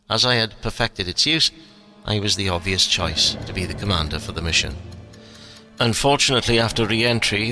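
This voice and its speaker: A man reading the part of an old former astronaut commander with a painful back, confessing in a measured, regretful way, with soft music underneath. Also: on the low side.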